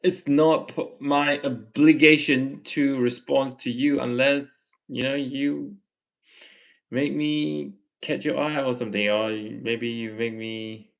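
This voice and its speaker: Gravelly Malaysian man chatting on a livestream. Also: mid-range voice, fairly even intonation, slow pace. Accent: Malaysian English. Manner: reads chat messages aloud and answers, gently lecturing. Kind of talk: casual live chat Q&A.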